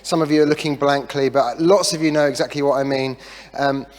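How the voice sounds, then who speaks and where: A middle-aged man preaching a sermon as a pastor, telling a story in a chatty way with self-deprecating jokes and lively asides. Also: mid-range voice, brisk. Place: church hall. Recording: long reverb of a church hall.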